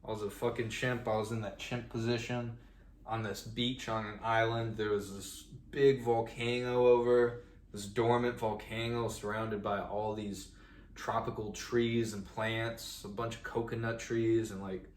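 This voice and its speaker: A man's voice: lowish voice, little pitch movement, measured pace. A young man co-hosting a podcast, telling a long story in a rambling, profane way full of "like". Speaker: podcast co-host. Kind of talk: casual chat, storytelling. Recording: roomy echo.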